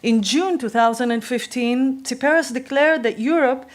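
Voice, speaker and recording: A woman giving a prepared talk at a conference, measured and reading from notes with occasional fillers. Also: sits high. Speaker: conference speaker. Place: conference hall.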